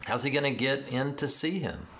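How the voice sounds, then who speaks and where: Bright-voiced man preaching a story. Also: mid-range voice, moderate pace, slight background noise. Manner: animated, acts out quoted dialogue, rising to excited emphasis. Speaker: pastor. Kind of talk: sermon storytelling.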